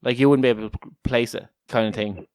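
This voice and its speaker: A young man with a soft Kildare accent hosts a casual podcast chat. He rambles through stories, swears freely and breaks into laughter. His voice is smooth and clear, recorded close in a dry room. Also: medium pitch, fairly even intonation, quick pace, dry recording. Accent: Irish, Kildare. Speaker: podcast co-host.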